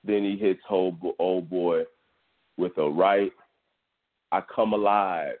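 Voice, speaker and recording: Texan guy, deep voice, loose and profane podcast host, phone-quality sound. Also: fairly even intonation, unhurried, pauses often. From Texas, US. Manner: loose, profane sports storytelling. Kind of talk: casual monologue. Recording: tinny phone-like audio.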